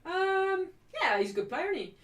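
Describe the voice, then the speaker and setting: Loud, excitable high-voiced woman. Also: moderate pace. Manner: excitable, shouting cheers at big moments; brash and jokey with the live chat. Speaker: livestream host. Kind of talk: football watchalong commentary.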